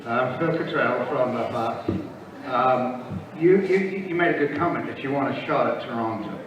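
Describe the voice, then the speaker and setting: A man's voice: medium pitch, normal speed, highs cut off. A man in the audience asking a candidate a blunt question, joking along the way. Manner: blunt, jokey. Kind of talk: question from the floor. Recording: echoey room, distant, noisy.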